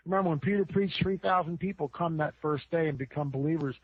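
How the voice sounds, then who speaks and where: A man's voice: a little high, fast talker, slightly rough, no room sound. A man, a podcast guest, preaching in a casual way, often repeating words and building up with rising emphasis. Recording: dry tinny phone line.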